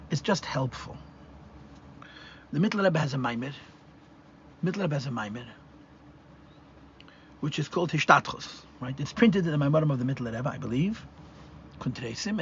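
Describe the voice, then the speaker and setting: A man's voice: on the high side, fairly bright tone, slight background noise. A man, a rabbi, teaching a live class, explaining step by step and thinking aloud with restarts. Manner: explanatory, mixes Hebrew and Yiddish terms, restarts and thinks aloud. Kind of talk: live Torah class lecture. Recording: dull lo-fi live class recording.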